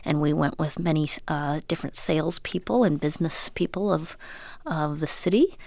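A woman comedian and voice actor from Minnesota, chatting in an interview, self-deprecating and full of fillers, with a high, childlike voice. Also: normal speed, gravelly, a little mellow, no room sound. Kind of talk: casual interview chat.

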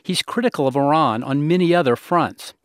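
A male national security correspondent reading a scripted news report in a measured, emphatic way. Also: on the high side, clear, resonant tone, no echo, studio quality.

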